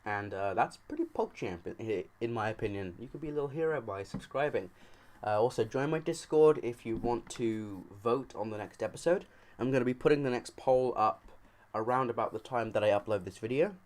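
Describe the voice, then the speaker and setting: A man's voice: mid-range voice, lively intonation, a little fast, a little mellow. A man casually telling a funny story on his video channel, cursing freely and acting out what people said. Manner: joking, profane, acts out quoted lines.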